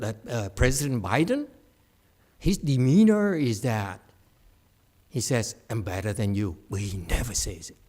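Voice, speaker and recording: Man giving a jokey dharma talk, teasing the room, keeps asking agree or disagree, middle pitch. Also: a little mellow. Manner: teasing, joking, asks the audience for agreement. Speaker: meditation teacher. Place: meditation center classroom.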